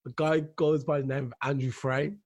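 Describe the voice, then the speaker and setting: A man's voice: mid-range voice, level tone, brisk, darkish tone. A man from England co-hosting a casual chat, telling odd news stories and laughing as he reads them. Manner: laughs while reading out stories. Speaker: podcast co-host.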